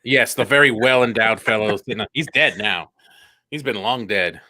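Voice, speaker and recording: A man's voice: fairly low pitch, normal speed, bright, forceful tone, no echo. A man co-hosting a casual podcast chat, profane and rambling, with frequent laughs. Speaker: podcast co-host.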